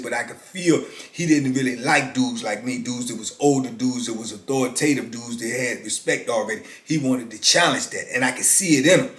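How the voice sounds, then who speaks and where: Laid-back man in his fifties, roomy echo. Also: medium pitch. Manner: laid-back, drawn-out, peppers talk with "man". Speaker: former prisoner telling his story. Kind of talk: casual storytelling.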